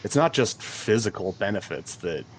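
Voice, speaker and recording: A man's voice: fairly low pitch, very animated, normal speed, slight background noise. A man who works as a personal trainer, a guest in a casual chat, talking in a laid-back way and filling his speech with "like" and "man".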